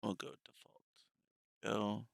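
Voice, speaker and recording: Streamer, male: gravelly, slow, sarcastic, casual swearing, bright dry tone. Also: lowish voice, monotone, no echo. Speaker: streamer commenting on clips. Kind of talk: live stream commentary.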